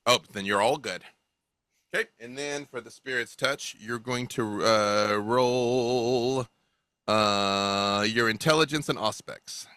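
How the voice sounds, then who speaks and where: A man's voice: medium pitch, slow pace, pushed and bright, clear, resonant tone, dry recording, clean studio sound. A man running a tabletop role-playing game as game master, checking rules and describing scenes over a video call. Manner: explains rules, checks details aloud.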